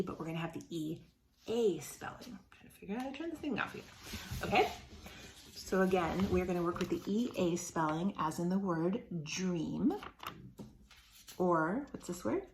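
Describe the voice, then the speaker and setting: A woman teacher giving a remote phonics lesson to young children, sounding words out slowly and encouraging them. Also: on the low side, lively intonation, reverberant, slight background noise.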